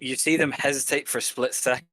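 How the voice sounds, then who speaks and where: A man at mid pitch narrates a fantasy game as its game master. His delivery is measured and descriptive. The recording is dry and close, with no room sound. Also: steady tone, bright, forceful tone, no room sound, rough recording.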